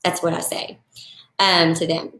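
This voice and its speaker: A woman, a wedding florist, talking casually on a live stream and answering viewer questions in a chatty, animated way. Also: on the low side, measured pace, reverberant. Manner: chatty, animated, acts out clients in quoted voices. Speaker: wedding florist and business coach.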